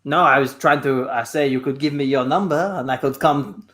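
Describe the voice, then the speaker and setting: A man's voice: mid-range voice, fairly bright tone, voice pushed down, natural voice. A man putting on a pompous French pastry seller. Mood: flirty. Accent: put-on French accent. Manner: theatrical, boastful, drawn-out delivery. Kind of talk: improvised comedy scene.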